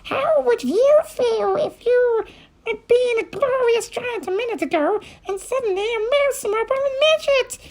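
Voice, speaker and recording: A man voicing a furious, bad-tempered old grandmother who yells in a screechy, raspy voice. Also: extremely high pitch, unhurried, voice pushed up, low-quality recording. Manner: yelling in a rage.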